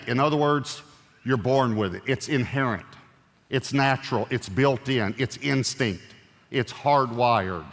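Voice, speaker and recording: A man preaching a sermon as a pastor, animated and joking as he tells stories. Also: mid-range voice, measured pace. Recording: echoey hall reverb.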